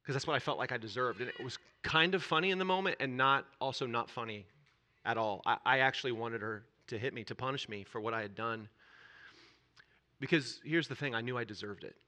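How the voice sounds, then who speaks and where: Earnest man confessing, bright voice. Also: medium pitch. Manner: earnest, halting confession that drops to near-whispers and swells when stirred. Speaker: church speaker. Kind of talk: personal testimony in a sermon.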